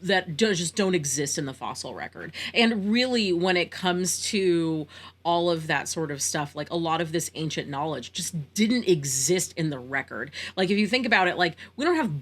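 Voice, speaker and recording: A woman with a Californian accent co-hosting a relaxed podcast, her voice pitched a bit lower than most women's. She talks in an easy, chatty way, leaning on "like" and "um" as she goes. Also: normal speed. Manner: chatty, many fillers like "like" and "um". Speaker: podcast co-host. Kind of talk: casual chat.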